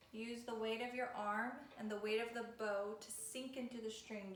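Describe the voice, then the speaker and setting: A woman violin teacher giving a patient, step-by-step video lesson. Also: on the high side. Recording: echoey room with faint noise.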